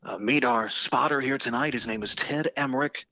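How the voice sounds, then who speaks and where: A man doing an impression of a veteran male sportscaster, speaking in a deliberate play-by-play cadence. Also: mid-range voice, bright, forceful tone, no room sound, muffled recording. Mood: jovial.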